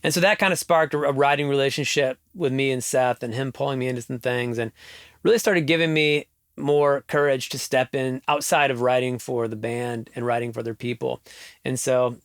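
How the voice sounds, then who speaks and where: A middle-aged man, a musician guest in an interview, telling stories in an animated way and laughing now and then. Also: mid-range voice, smooth, no echo, clean studio sound. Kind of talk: casual interview storytelling.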